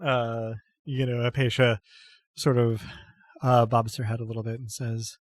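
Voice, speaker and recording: A man's voice: mid-range voice, little pitch movement, measured pace, no room sound, clean studio sound. A man narrating as game master, loosely, with many fillers.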